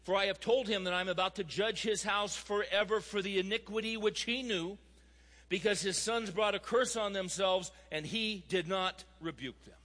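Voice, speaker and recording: A man's voice: sits high, normal speed, sharp tone. A man preaching a sermon, teaching from scripture with emphatic, rising intensity. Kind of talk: recorded sermon. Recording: long hall reverb.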